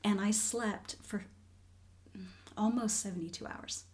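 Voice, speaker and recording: A woman in her forties shares a personal story in conversation, candid and earnest. Her voice sits at an ordinary middle pitch. She often sinks into a hushed, breathy near-whisper for emphasis. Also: steady tone, unhurried. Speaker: guest.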